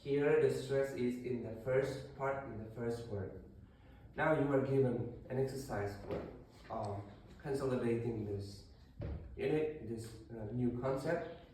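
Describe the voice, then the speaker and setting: Recorded far from the mic in a very echoey room, this male English teacher talks through a lesson step by step, restarting and using fillers. His mid-range voice is mellow and a little slow, with a bit of background noise.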